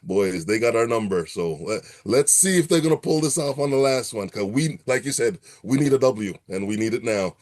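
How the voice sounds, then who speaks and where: Excitable man repeating himself on a podcast. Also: mid-range voice, normal speed, few pauses. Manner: animated, repeats words, laughs along. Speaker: co-host of a fan podcast. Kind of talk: casual sports chat.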